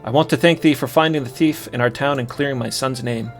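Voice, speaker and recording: A man voicing a grateful, gentle mother from a role-playing game, reading her lines in a soft, earnest hush. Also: medium pitch, quick pace, faint music behind, natural voice. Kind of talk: reading game dialogue aloud.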